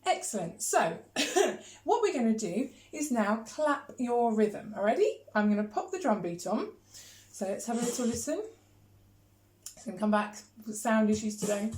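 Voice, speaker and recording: A woman's voice: on the high side, very animated, normal speed, darkish tone. A woman teaching a rhythm lesson on video, counting beats aloud and chanting rhythm syllables in an encouraging way. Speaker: music teacher. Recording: echoey room.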